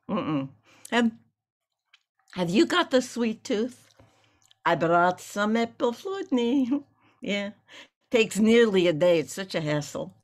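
Older wife figure, read by a woman, nervous rambling chatter, slow pace, mid pitch, play reading. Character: aging chatty wife visiting her sick husband.

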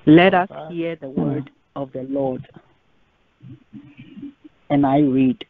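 Slow emphatic woman preaching by phone. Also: a bass voice, fairly even intonation. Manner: slow, emphatic, repeats key phrases. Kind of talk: sermon on a conference call. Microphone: phone on a conference line. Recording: tinny phone line.

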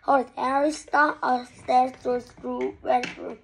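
A woman reading a children's storybook aloud in an expressive, lively way. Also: high-pitched, a little slow, gravelly, slight background noise, low-quality recording. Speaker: storybook reader.

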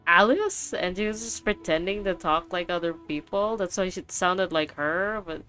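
A young woman streamer giving casual, excitable commentary while she plays a game, swearing and laughing often. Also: fairly low pitch, normal speed, faint music behind.

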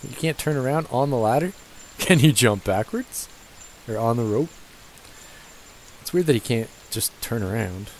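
A man's voice: mid-range voice, expressive, unhurried, long pauses, slight background noise, rough recording. A young man casually commentating his gameplay, cursing and joking at the characters on screen. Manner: profane, joking, talks to the game characters. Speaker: let's play gamer. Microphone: gaming headset.

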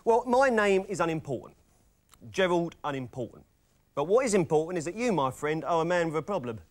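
Casting: man playing a glib, fast-patter salesman, voice a touch high with lively ups and downs, deadpan asides. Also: natural voice. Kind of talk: sitcom comedy acting.

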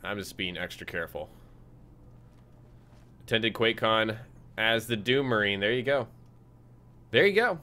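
A man's voice: fairly low pitch, measured pace, pauses often, slight background noise. A young man streaming a game, casually chatting and reading out viewer messages with frequent fillers. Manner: relaxed, reads chat aloud, frequent fillers. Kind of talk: casual live-stream chat over gameplay.

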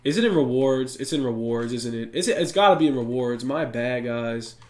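A young man giving excitable, slang-heavy commentary on a basketball video game and talking straight to his viewers. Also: mid-range voice, normal speed. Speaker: gaming YouTuber. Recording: echoey room with faint music.

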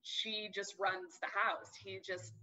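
A woman's voice: mid-range voice, little pitch movement, slow, sharp tone, poor audio. A young adult woman co-hosting a podcast, chatting casually and swearing freely as she rants. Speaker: podcast co-host. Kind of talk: casual chat.

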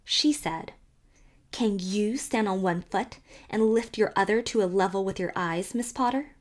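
A woman voicing a sharp-tongued spinster neighbor who relishes scandal and speaks emphatically. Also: mid-range voice, a little slow, close to an everyday voice. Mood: scandalized.

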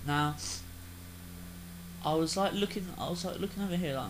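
A young Australian man rambling through casual game commentary, chatty, with sudden loud excited outbursts. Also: fairly high pitch, fairly quick, slight background noise, low-quality recording. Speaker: gaming video host.

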